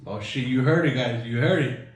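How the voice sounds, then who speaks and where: Young guy hosting a podcast, cussing and joking around, sounds kinda far off the mic in a boomy room. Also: normal speed, heavy reverb. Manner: swears a lot, laughs easily, loose banter. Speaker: podcast host. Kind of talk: casual chat.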